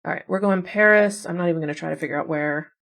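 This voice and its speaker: A woman's voice: fairly low pitch, fast talker, gravelly, a bit bright. A woman playing puzzle games and thinking aloud in casual commentary, chatty and wondering, with self-deprecating asides. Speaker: puzzle game streamer.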